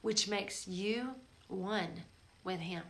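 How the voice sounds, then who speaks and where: A woman hosting a show, urging listeners in a spiritual exhortation, coaxing and emphatic, swinging from hushed tones to forceful emphasis. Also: mid-range voice, extremely slow. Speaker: show host. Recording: roomy echo.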